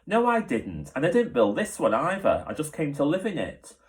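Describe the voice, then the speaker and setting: A man's voice: a little high, wildly swooping pitch, moderate pace, pitched above the performer's own voice. A man reading aloud and voicing a clever young girl who speaks firmly and matter-of-factly in a storybook. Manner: firm, matter-of-fact.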